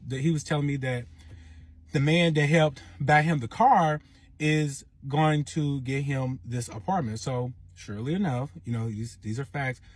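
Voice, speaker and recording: A young man tells a wild personal story in a husky, breathy voice, with a dry, close sound. He swears freely and keeps checking in with his listener as he goes. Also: medium pitch, dry recording. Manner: animated, profane, says 'you know what I'm saying' a lot. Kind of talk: casual storytime monologue.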